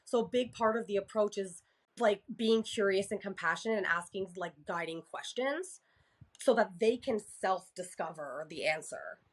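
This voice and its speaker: A woman's voice: mid-range voice, expressive, normal speed. A woman from Canada, a therapist and podcast guest, talking candidly in casual conversation, swearing freely and acting out exchanges with her clients.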